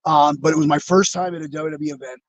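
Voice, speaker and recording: A man's voice: a little high, steady tone, quick pace, poor audio. A man being interviewed over a video call, telling rambling, reflective stories with many fillers and restarts. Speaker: interview guest, former wrestler. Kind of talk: casual storytelling.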